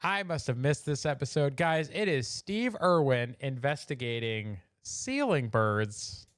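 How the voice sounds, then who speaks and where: Casual streamer host, man, smooth clear voice, dry close mic, reacts to memes. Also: medium pitch, very animated, a little slow, fairly bright tone, dry recording. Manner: laughing, chatty, addresses chat. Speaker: livestream host. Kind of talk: casual live commentary. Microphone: desk mic, streaming.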